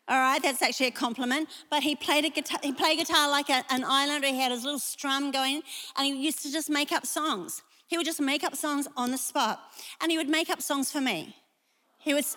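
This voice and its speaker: A woman preaches a sermon in a high, bright voice, chatty and quick to poke fun at herself, with frequent laughs. Her talk rings with the long reverb of a large church auditorium. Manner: chatty, self-deprecating, laughing often. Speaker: pastor.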